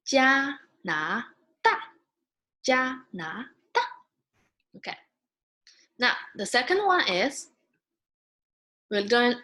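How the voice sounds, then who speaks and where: Woman, very slow patient teacher, drawn-out drilled syllables, beginner lesson. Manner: patient, drawn-out, models sounds loudly and high. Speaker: Mandarin teacher.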